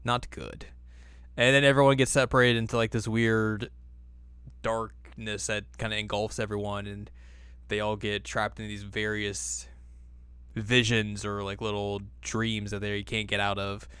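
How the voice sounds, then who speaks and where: A man's voice: fairly low pitch, level tone, unhurried, a bit bright, clean tone, no room sound. Playful man recapping with silly voices. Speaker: podcast co-host. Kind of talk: casual recap chat.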